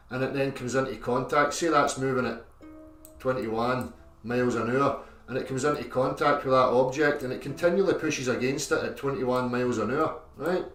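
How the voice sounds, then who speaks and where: A man's voice: medium pitch, fairly bright tone. A man explaining a theory step by step in a lecture style, constantly checking in with "okay?" and "right?". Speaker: video presenter. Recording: echoey, distant clip with music.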